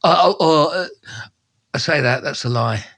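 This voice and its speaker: A man, a travel presenter telling a story in casual, slangy, animated style. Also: fairly high pitch, normal speed, creaky. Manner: animated, slangy, acts out voices and sounds. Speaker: travel presenter and podcast co-host.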